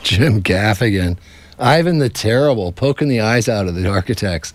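A man hosting a radio show with upbeat, quick patter between segments. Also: lowish voice, lively intonation, dry recording, soft background music.

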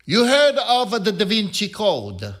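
Performing stand-up as a churchman, a cardinal persona, this man speaks in a high, bright voice with wildly swooping pitch. He takes his time, building the routine on deliberate pauses that let each punchline land.

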